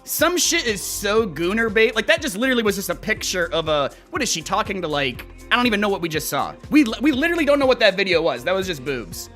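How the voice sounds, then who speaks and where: A man's voice: sits high, sing-song, quick pace, hardly any pauses, a bit bright, soft background music. A young man livestreaming, chatting casually and rambling, swearing freely as he reacts to clips and reads chat. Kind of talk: casual live-stream chat.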